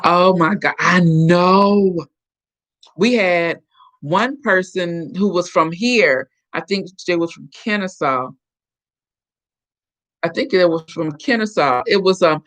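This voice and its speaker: A woman's voice: on the low side, a bit bright. Chatty middle-aged woman from Florida, storytelling. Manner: chatty storyteller, acts out quoted voices. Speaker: live-stream host. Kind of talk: casual chat with viewers.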